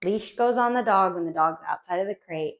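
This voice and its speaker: A woman dog trainer explaining training phases to owners, animated and acting out little voices for dogs and owners. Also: lowish voice, a little fast. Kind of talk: spoken instructional talk to dog owners. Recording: dull lo-fi sound.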